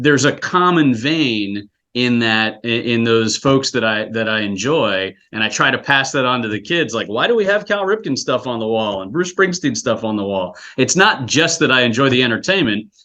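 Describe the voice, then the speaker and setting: A man's voice: medium pitch, pushed and bright, muffled recording. A man from South Florida, a scouting executive director, talking earnestly and reflectively in an interview, often restarting his sentences. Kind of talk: casual interview chat.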